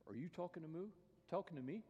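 A man voicing a mild retired old man out fishing, quiet and low-key. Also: expressive, normal speed, highs cut off, natural voice. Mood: puzzled. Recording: reverberant church hall.

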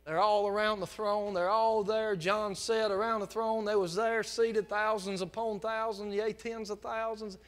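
High-voiced preacher man, swelling to loud fervor. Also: little pitch movement, measured pace, few pauses. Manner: impassioned preaching that swells from quiet storytelling into near-shouting. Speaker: pastor. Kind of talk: sermon.

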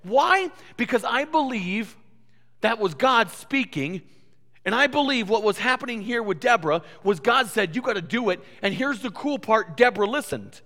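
A man preaching a sermon in a church, telling stories in an animated way and often repeating his words. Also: very high voice, moderate pace. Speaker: pastor. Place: church sanctuary. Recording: reverberant church hall.

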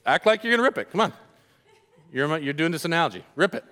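A man preaching a sermon as a pastor, telling the story in an animated, joking way and talking directly to the congregation. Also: on the high side, fast talker.

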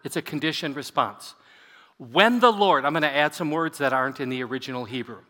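Bright-voiced pastor in an echoey hall. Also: male voice, mid-range voice, brisk. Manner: conversational, leads congregation in prayer. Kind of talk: sermon. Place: church sanctuary.

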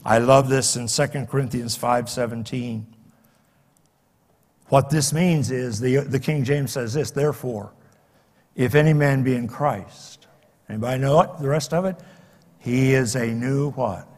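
An older man preaching a sermon as pastor, dramatic, swinging between loud exclamations and hushed lines. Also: mid-range voice, unhurried. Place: church sanctuary. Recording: long reverb of a large hall.

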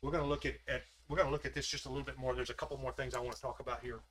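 A man preaching a casual, earnest sermon. He rises in his voice when he stresses a point and drops to a soft, close tone when he asks questions. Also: mid-range voice, little pitch movement, very fast, slight background noise, low-quality recording. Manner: earnest, repetitive, rises when emphatic, softens to a near hush when asking questions. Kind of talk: conversational sermon.

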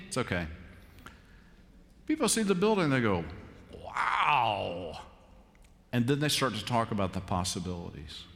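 A man preaching a sermon in a large church, conversational and repeating key phrases with emphatic pauses. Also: mid-range voice. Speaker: pastor. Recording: live church recording with long reverb.

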